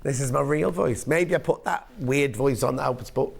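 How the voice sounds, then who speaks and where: Hoarse man presenting live sales. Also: medium pitch, moderate pace. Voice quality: croaky, gravelly. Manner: chatty, self-mocking banter with viewers. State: hoarse, losing his voice. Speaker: shopping channel presenter.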